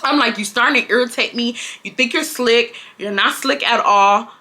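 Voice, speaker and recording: A woman's voice: fairly high pitch, moderate pace. A young woman, telling a casual personal story to her viewers and acting out her own lines. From Houston, Texas. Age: 20s. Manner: animated, acts out her own lines with swearing and laughs. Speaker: storytime vlogger.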